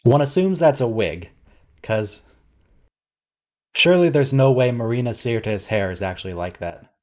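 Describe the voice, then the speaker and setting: A man's voice: medium pitch, expressive, unhurried, darkish tone. A man hosting a watch-along, giving casual, wry, quizzical commentary and thinking aloud.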